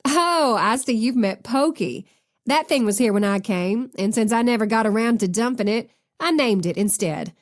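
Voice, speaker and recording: A woman's voice: fairly high pitch, expressive, moderate pace, natural voice. A woman reading an audiobook, voicing a friendly, chatty woman agent with a Southern accent. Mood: cheerful.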